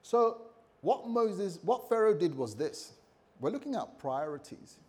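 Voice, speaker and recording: A man preaches a lively sermon as a pastor, voicing the scripture characters with shifting tones and tossing in jokes. His voice sits high and his pace is measured.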